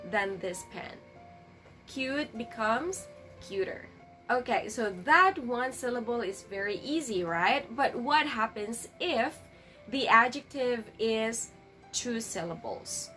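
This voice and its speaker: Woman, English teacher, slow deliberate delivery, bright higher voice, faint music behind. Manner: slow, patient, stresses each example word. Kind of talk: grammar lesson.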